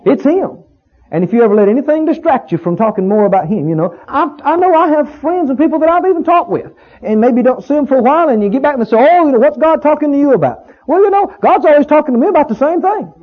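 A man's voice: very high-pitched, animated, fast, narrow, tinny audio. A man preaching a sermon in a church, emphatic, repeating key words and rising on exclamations. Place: church sanctuary.

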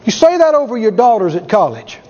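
A man preaching a sermon with emphatic delivery, acting out quoted voices and rising to shouts. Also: high-pitched, sing-song, a little fast. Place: large church hall. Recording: lo-fi hall recording with audience. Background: congregation.

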